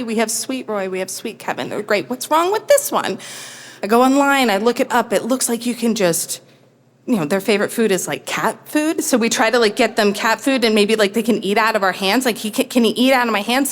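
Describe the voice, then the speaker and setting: A woman telling a true story on stage in a wry, self-mocking, animated way. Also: on the low side. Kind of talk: live comic storytelling. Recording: long hall reverb.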